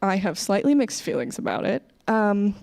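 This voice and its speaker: A woman's voice: mid-range voice, very animated, normal speed, creaky, darkish tone. Chatty self-mocking American woman comedian. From United States. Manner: chatty, self-deprecating, laughs between jokes. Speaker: stand-up comedian. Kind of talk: online stand-up comedy set. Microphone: camera, sometimes leaning in too close.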